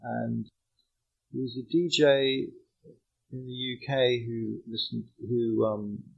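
A man's voice: medium pitch, level tone, slow pace, creaky, husky. A man being interviewed, musing aloud and reaching for images as he talks. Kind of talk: conversational answer. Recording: dull lo-fi recording.

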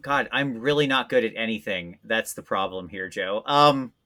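A man chatting casually as a podcast guest, rambling and self-deprecating, quick to laugh at himself. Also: fairly low pitch, pushed and bright. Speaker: guest voice actor.

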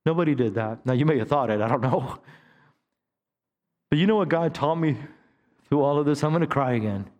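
A man's voice: fairly high pitch, normal speed, long pauses, darkish tone, big-room sound. A man in his fifties, a pastor preaching a sermon in a conversational way, with stammered restarts. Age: 50s. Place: church sanctuary.

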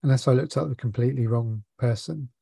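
Mellow-voiced man chatting. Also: medium pitch, fast talker, gravelly, husky, dry recording, studio quality. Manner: easygoing, frequent agreeing yeahs. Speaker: podcast co-host. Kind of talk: casual film review chat.

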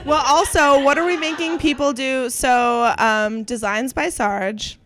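A woman's voice: sits high, steady tone, unhurried, a crowd in the background. A young adult woman co-hosting a podcast at a house party, bubbly and laughing often, reading listener reviews. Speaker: podcast co-host. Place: home party, people gathered.

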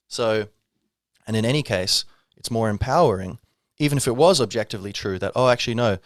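Here the podcast host sounds animated, his lowish voice moving at a moderate pace as he offers a rambling, reflective spiritual monologue full of wry asides. It's a dry recording with clean studio sound.

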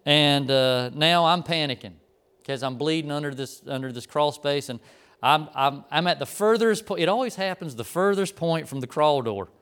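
Man, middle-aged, sermon storytelling, smooth clear voice, slightly high. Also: normal speed. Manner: animated storyteller, acts out the people in his story. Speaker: preacher.

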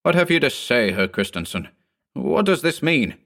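A man reading a ghost story, voicing a sharp, agitated lawyer who speaks up in a raised, urgent voice. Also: medium pitch, big pitch swings, normal speed, creaky, pitched above the performer's own voice. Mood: demanding. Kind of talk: audiobook character voice.

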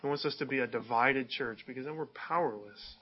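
A man's voice: medium pitch, a little fast, husky, highs cut off. A man preaching a sermon in a conversational way, often asking his listeners rhetorical questions. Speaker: pastor.

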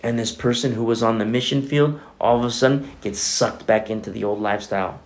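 A man's voice: medium pitch, fairly even intonation, a little fast. A man preaching a sermon as pastor, emphatic, asking rhetorical questions and repeating phrases for weight.

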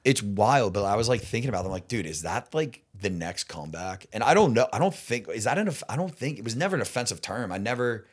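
A young man, a stand-up comedian guest on a podcast, talking in a casual, rambling way, full of "like" and "dude" and quick laughs. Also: lowish voice, very animated, breathy edge. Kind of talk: casual chat.

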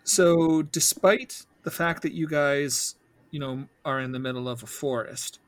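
A man narrating as game master in a calm, questioning way, with frequent fillers. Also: fairly high pitch, unhurried.

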